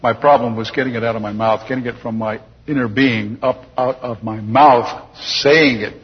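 Husky older man telling his story. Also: mid-range voice, moderate pace. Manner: chuckling, lively storyteller. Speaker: speaker giving a personal testimony. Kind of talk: storytelling testimony to an audience. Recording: dull lo-fi recording with long hall reverb.

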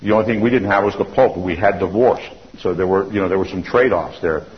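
A man's voice: low-pitched, fast. A middle-aged man giving a testimony sermon, an earnest storyteller who often restarts and repeats himself. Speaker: church speaker giving testimony. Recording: dull lo-fi recording.

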